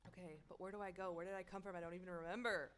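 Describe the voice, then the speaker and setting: A woman's voice: lowish voice, steady tone, very fast, fairly bright tone, a little hiss or hum. A young woman streaming a horror game, chatting with viewers and breaking into screams and nervous laughter. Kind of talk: casual gameplay commentary.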